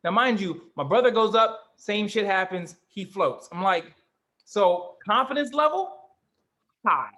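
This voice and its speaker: Animated high-voiced man telling a story. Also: unhurried. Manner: animated storyteller, swearing, acts out other voices. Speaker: co-host. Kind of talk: casual storytelling chat.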